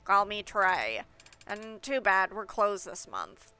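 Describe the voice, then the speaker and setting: A man's voice: high-pitched, big pitch swings, takes it slowly, bright, forceful tone, clear, resonant tone, full character voice. A woman voicing a blunt streetwise young man who rents out safe rooms, in a pinched nasal voice with casual swearing. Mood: curt.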